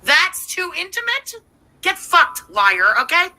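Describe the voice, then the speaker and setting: A woman's voice: very high-pitched, sing-song, slow, pushed and bright, rough recording. A woman hosting a livestream, giving profane, sarcastic running commentary while thanking viewers. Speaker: livestream host.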